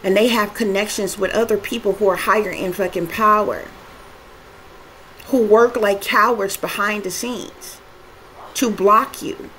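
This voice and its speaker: A woman delivering a spiritual tarot reading straight to her viewers. Her voice sits at a middle pitch and she speaks emphatically, piling up long repetitive lists and swearing often. A faint background noise runs under her voice. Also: steady tone, measured pace, sharp tone, low-quality recording. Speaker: tarot reader.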